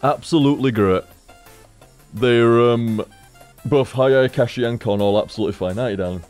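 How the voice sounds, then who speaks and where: A young man with a medium-pitched, darkish voice at a moderate pace talks casually into a desk-stand studio mic while streaming from a home room, faint music in the background. He swears freely, rambles and chats with his cat.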